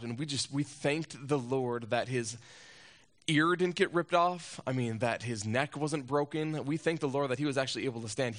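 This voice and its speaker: Speaking in a mid-range voice, a man delivers a sermon as a pastor. He recounts a personal story, asks rhetorical questions, and swings from loud urgency to quiet, hushed passages.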